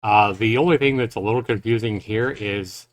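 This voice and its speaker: Low-voiced man musing through a reaction. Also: normal speed, a little hiss or hum. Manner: loose, rambling, thinking aloud with fillers and asides. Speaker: game reviewer reacting to a trailer. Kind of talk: casual live reaction commentary.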